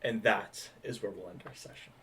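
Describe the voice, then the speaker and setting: A man narrating as game master in a relaxed, filler-heavy way. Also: lowish voice, moderate pace, slightly rough.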